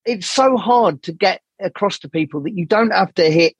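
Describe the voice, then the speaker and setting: A man's voice: sits high, normal speed, husky, no echo, highs cut off. A man talking as a podcast guest in a candid, rambling way, swearing often. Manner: swears freely, animated rambling storytelling. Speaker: jazz saxophonist, podcast guest.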